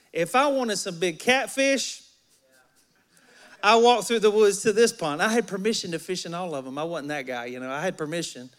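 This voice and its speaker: A man's voice: high-pitched, fairly bright tone. A man from Alabama with a Southern accent preaching a sermon in a church, folksy and joking with the congregation. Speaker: pastor. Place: church sanctuary.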